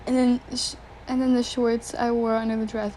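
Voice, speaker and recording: A woman's voice: fairly high pitch, little pitch movement, normal speed, darkish tone, slight background noise, low-quality recording. A young woman reading fan fiction aloud, often breaking off to giggle, react and joke. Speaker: story reader.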